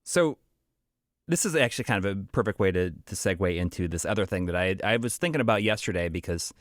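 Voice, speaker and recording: Low voice guy, podcast cohost, rambly chatty, laughs a lot, dry sound. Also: lively intonation, fast, dry recording. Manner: rambling, many restarts and fillers; laughs easily. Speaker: podcast co-host. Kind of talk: casual chat.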